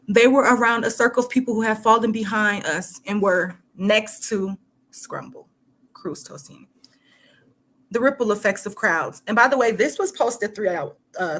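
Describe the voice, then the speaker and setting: Woman, from Michigan, channel host, halting read-aloud, casual asides, lots of filler words. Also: mid-range voice, fairly bright tone. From Michigan, United States. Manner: halting reading broken by chatty asides full of "like". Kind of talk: casual commentary while reading a news article aloud.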